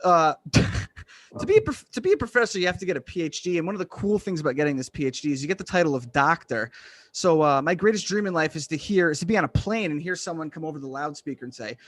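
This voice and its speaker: A man from Western Massachusetts doing a deadpan, self-deprecating stand-up set over a video call. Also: on the high side, fast talker. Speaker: stand-up comedian.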